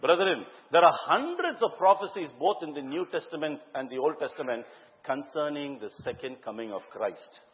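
Male preacher, fairly high voice, quizzes the congregation; tinny, hall-echo recording. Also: normal speed. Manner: questions the congregation directly and tells lively anecdotes. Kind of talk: sermon. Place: church hall before a congregation. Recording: echoey hall, tinny phone-like sound.

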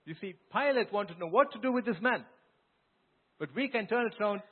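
A male pastor delivers an earnest, emphatic sermon, retelling scripture like a story. His voice sits a little high and has a husky, breathy edge. The sound is narrow and phone-like, as if carried over a thin line. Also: animated, brisk.

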